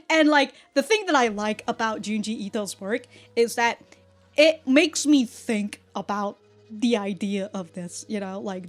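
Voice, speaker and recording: A woman hosting a casual anime reaction, excitable and profane, often laughing. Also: fairly high pitch.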